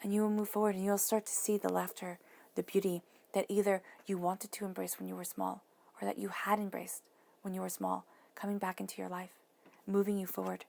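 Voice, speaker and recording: Woman, tarot reader, gravelly voice, soothing, slips into whispers. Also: mid-range voice, level tone, brisk. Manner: soothing, drops to soft whispers. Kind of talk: tarot reading monologue.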